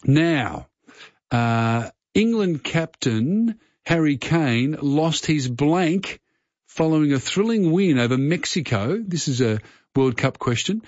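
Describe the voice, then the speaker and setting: A man's voice: on the high side, lively intonation, slow pace, a little mellow, no room sound. A man with an Australian accent hosting a phone-in quiz on talkback radio, friendly and rambling with fillers and restarts. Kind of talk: casual talkback radio chat. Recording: slightly muffled radio broadcast.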